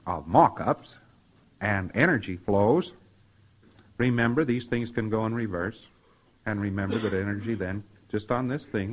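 Man lecturing on a dull lo-fi recording. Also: on the low side. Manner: folksy, acts out quoted dialogue and sound effects. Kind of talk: spoken lecture to trainees.

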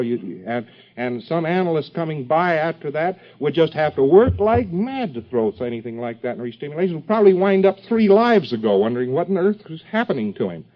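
Rambling male lecturer on dull old tape. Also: medium pitch. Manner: rambling, joking asides, frequent fillers and restarts. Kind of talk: informal recorded lecture to a class.

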